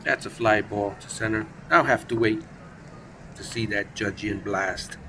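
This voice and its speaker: A man's voice: lowish voice, unhurried, pushed and bright, slight background noise. A man calling play-by-play for a simulated baseball game on his own, casual and chatty, with asides and self-corrections. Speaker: play-by-play commentator.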